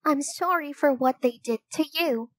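A woman voicing a kind, eager young girl who speaks softly and coaxingly in a storybook reading. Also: high voice, moderate pace, voice pushed up, close to an everyday voice. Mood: gentle. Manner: soft and gentle, coaxing.

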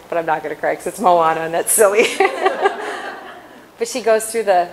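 A woman giving a faith-based inspirational talk at a conference, chatty and quick to laugh, often correcting herself mid-sentence. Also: lowish voice, steady tone, vocal fry, slight background noise, rough recording. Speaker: conference speaker.

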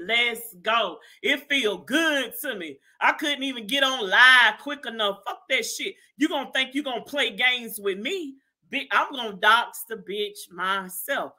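A woman's voice: a little high, bright, forceful tone. A woman hosting a live stream, ranting in a brash, profane way and laughing as she goes. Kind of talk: heated live-stream rant.

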